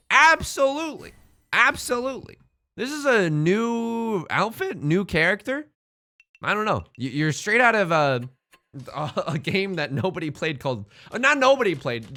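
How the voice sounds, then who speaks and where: A man's voice: a little high, sharp tone. A young man chatting casually while streaming a game, joking and rambling playfully as he plays.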